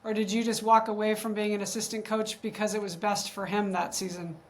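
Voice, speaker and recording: A woman's voice: medium pitch, little pitch movement, a little fast. A middle-aged woman hosting a podcast interview, affirming and conversational. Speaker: podcast host.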